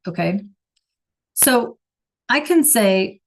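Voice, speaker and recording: Woman teacher, unhurried, talks through grammar examples with lots of ums over a computer mic. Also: mid-range voice. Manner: slow, searching for examples with many fillers. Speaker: Spanish teacher. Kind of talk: online class lesson.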